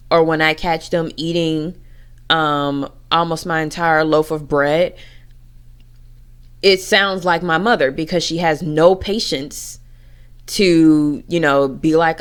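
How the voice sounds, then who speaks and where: A woman's voice: low voice, smooth. A woman giving a candid personal rant to camera, blunt and profane as she talks frankly about her own family. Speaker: vlogger.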